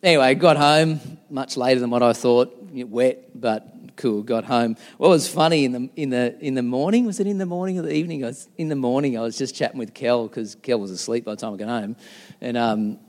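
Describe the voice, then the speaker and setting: A man's voice: mid-range voice, brisk, darkish tone, long reverb tail. A middle-aged man preaching a sermon as a pastor, chatty and self-deprecating. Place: church.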